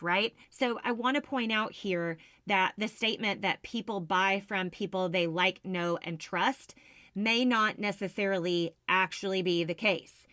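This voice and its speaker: A woman's voice: medium pitch, bright, forceful tone, dry recording. A woman hosting a solo business podcast, explaining sales ideas in an upbeat, teacherly way. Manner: upbeat explanatory, self-described business nerd. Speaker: podcast host, sales coach.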